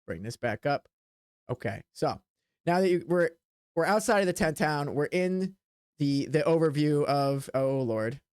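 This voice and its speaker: A man's voice: fairly high pitch, lively intonation, unhurried, a little mellow, clear, resonant tone, dry recording, studio quality. A young man running a tabletop game as game master, narrating in a loose, chatty way with frequent restarts.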